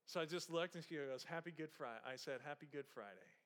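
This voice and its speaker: A male pastor preaching a sermon, moving from soft conversational storytelling with humor to raised, passionate exhortation. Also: a little high, fast.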